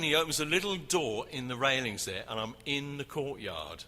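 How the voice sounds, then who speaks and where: A man teaching about worship at a conference, animated as he tells a story. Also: medium pitch, moderate pace, hardly any pauses. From England. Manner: animated, acts out shouting crowd. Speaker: worship leader. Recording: reverberant hall, faint ambience.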